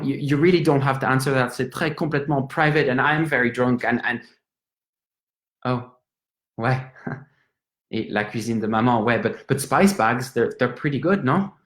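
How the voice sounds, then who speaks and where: A man's voice: medium pitch, pitched above the performer's own voice, close to an everyday voice. A man playing a drunk, stammering young Frenchman. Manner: rambling, stammering, switches between English and French. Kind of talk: theatrical monologue. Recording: roomy echo.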